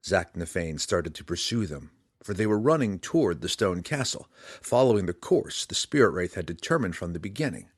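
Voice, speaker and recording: A man reading a fantasy audiobook aloud, in a dramatic, lively way. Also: deep voice, moderate pace, husky, no room sound, clean studio sound. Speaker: audiobook reader.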